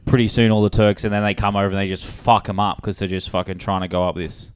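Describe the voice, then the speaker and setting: A young man with an Australian accent co-hosting a podcast, telling animated, sweary stories and bantering casually. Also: fairly low pitch, fast talker, smooth, dry recording, clean studio sound. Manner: animated, swearing storyteller who slips into exaggerated voices. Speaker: podcast co-host.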